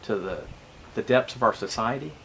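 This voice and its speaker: A man hosting a casual interview, reflective and halting, often repeating words as he gathers his thoughts. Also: medium pitch, lively intonation, creaky, a bit bright, a little hiss or hum. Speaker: interview host.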